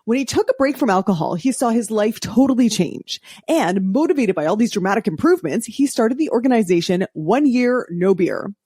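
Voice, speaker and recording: A woman's voice: a little high, lively intonation, fairly quick, few pauses, warm tone, husky, dry recording, studio quality. A woman hosting a podcast, introducing her guest in an upbeat, emphatic way. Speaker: podcast host.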